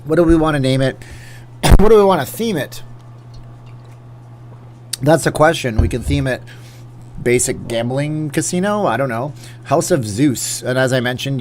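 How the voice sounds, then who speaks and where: A man's voice: medium pitch, slight background noise. Joking man narrating a live game stream. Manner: joking, wry, thinks aloud. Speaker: host. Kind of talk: casual live stream gameplay commentary.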